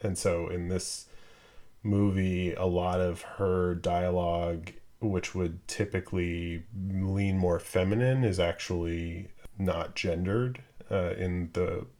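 Very deep, gravelly, flat-voiced man. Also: slow pace. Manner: hesitant, many fillers and restarts. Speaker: podcast co-host. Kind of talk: casual film discussion.

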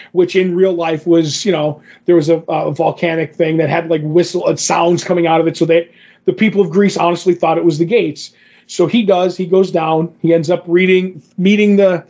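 Man, podcast co-host, husky voice, rambling recap, lots of fillers, dull lo-fi audio. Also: fairly high pitch, darkish tone. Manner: rambling, filler-heavy retelling with quoted dialogue. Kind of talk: casual comic book recap chat.

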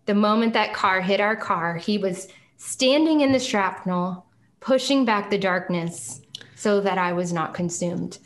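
A middle-aged woman, a singer-songwriter guest on a podcast, telling her personal testimony in an earnest, reflective way and slowing down on key phrases. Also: mid-range voice.

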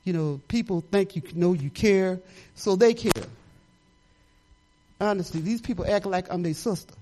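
A woman's voice: fairly low pitch, moderate pace, warm tone, a little hiss or hum, poor audio. An older woman pastor, preaching in a folksy, conversational way, rambling into personal stories with asides. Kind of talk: informal testimony sermon.

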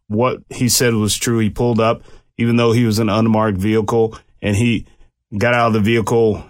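Male commentator with police background, lowish voice, talky and explanatory. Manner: conversational, explanatory, with restarts. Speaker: commentator and former police officer. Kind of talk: casual commentary on a case.

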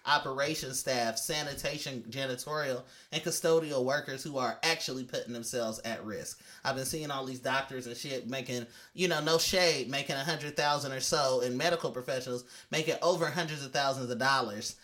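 Young man, podcast co-host, bright voice, casual slangy talk, joking then earnest. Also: mid-range voice, a little fast, hardly any pauses.

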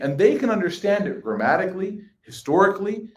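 A man in his thirties giving a sermon to a live audience, telling personal stories in a conversational, animated way. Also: medium pitch, normal speed. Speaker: religious speaker. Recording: echoey room.

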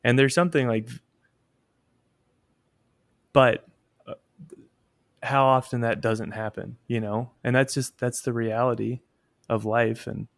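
A man's voice: medium pitch, level tone, unhurried, gravelly, pauses often, no echo, studio quality. A man co-hosting a podcast, speaking in an earnest, thoughtful way. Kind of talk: casual conversation.

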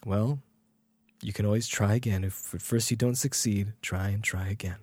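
A man's voice: on the low side, fairly even intonation, normal speed, a little mellow, husky, no echo. A man co-hosting a casual podcast, rambling and self-deprecating, with his voice often trailing off. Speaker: podcast co-host.

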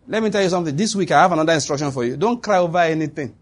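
The man's voice is a little high and very fast as he preaches to his congregation, who answer him from the pews. This pastor's sermon relies on emphatic declarations repeated over and over, with laughter bursting out now and then.

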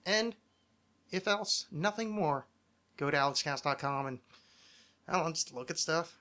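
A man from New Jersey hosting a podcast in a rambling, joking manner. His voice is light and thin rather than resonant, sits fairly high, and sounds bright. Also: animated, moderate pace. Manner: rambling, jokey. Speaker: podcast host. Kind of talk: casual podcast chat.

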